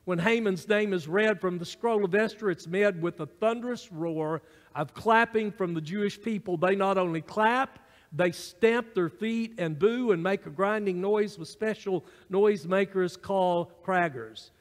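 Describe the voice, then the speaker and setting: A pastor with a high voice preaches to his congregation a little slowly, and the big room gives his voice a spacious sound. He works from notes in the church sanctuary, adding a few fillers and asides.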